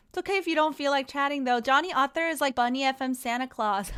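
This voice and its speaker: Bright, high-voiced young woman streamer. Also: smooth. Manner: rambling, animated, quick to laugh. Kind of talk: casual chat with stream viewers.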